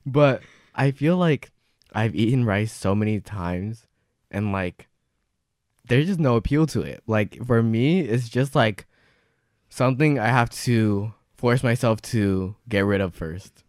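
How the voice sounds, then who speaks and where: A man's voice: lowish voice, unhurried, no room sound, studio quality. A teenage boy co-hosting a podcast, rambling casually with lots of "like". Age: teens. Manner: rambling, many fillers. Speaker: podcast co-host. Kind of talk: casual chat.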